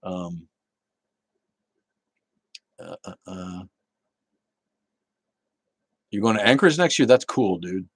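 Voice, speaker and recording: A man's voice: deep voice, animated, slow, pauses often, no echo. A man hosting a casual livestream, chatting bluntly with viewers, swearing and laughing often. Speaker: livestream host reading chat.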